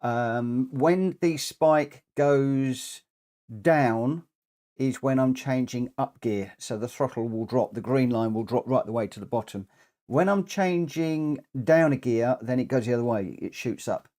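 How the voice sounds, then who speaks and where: A man's voice: mid-range voice, unhurried, warm tone. A man chatting through a live racing game stream, rambling with frequent ums, a bit short of breath and coughing now and then. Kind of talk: live gameplay commentary.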